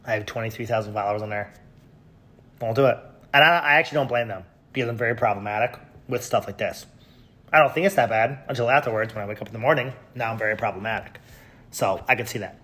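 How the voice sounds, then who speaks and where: A man hosting a podcast, reading out tweets with sarcastic, mocking commentary and sudden loud yells. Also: lowish voice, fast talker. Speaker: podcast host.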